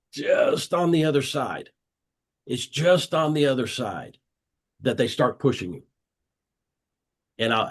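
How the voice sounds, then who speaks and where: A man hosting a weekly video call, giving an earnest motivational talk and repeating his key phrases for emphasis. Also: mid-range voice.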